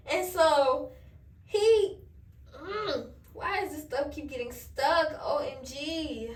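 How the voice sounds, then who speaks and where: High-voiced young woman telling a storytime. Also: slow pace, distant mic. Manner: animated, candid storytelling with slang and swearing. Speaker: vlogger. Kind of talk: storytime while doing her hair. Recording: echoey room, voice a bit off-mic.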